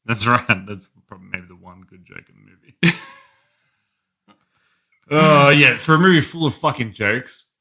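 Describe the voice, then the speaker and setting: A man co-hosting a casual film review podcast, bluntly critical and quick to laugh. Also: mid-range voice, expressive. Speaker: podcast co-host. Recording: quiet, softly recorded audio.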